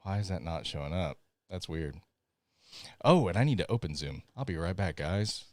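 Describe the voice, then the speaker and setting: A man's voice: low-pitched, expressive, moderate pace, no echo. A man with a Southern accent hosting a live podcast stream, chatty and apologetic while fixing tech. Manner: chatty, apologetic, laughs often. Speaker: podcast host. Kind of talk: casual live-stream chat.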